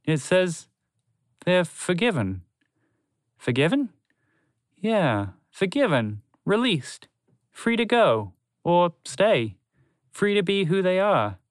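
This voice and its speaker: Brief: a soft-hearted moose, reassuring and a little dazed, as a man reads him, high and dry. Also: sing-song, takes it slowly, long pauses, dry recording, exaggerated voice. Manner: reassuring, softly wondering. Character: gentle male moose, kind and a bit bewildered.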